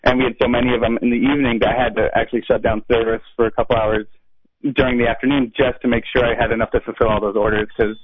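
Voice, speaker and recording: Guy chef calling in, talks fast, you-knows everywhere, phone sound. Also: medium pitch. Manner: relaxed, lots of "you know" fillers. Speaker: chef guest. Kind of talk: casual phone interview. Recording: tinny phone line.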